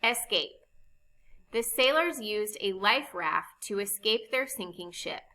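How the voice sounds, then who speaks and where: Bright-voiced woman teaching phonics slowly. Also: medium pitch, expressive, poor audio. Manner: slow, clear, patient explaining of spelling rules. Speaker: reading teacher. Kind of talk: recorded phonics lesson.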